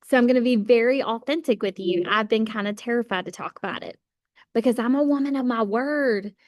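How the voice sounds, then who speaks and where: A woman's voice: fairly high pitch, fairly quick, a little mellow, no echo, clean studio sound. A woman giving an emphatic motivational talk to her sales team, repeating phrases for effect.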